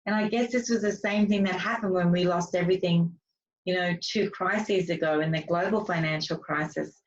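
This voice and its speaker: A woman's voice: on the low side, fairly even intonation, normal speed. Woman author chatting, lots of ums, sounds far off and kinda muffled. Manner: chatty, many fillers and restarts. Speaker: guest author and speaker. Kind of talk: casual interview storytelling. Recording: distant, dull lo-fi sound.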